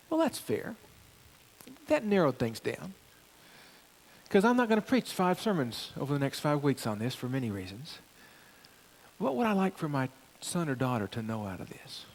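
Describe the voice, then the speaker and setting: Middle-aged guy preaching a sermon, kinda high voice, super lively ups and downs. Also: normal speed, pauses often. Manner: animated preaching, rising emphasis on key phrases. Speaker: pastor.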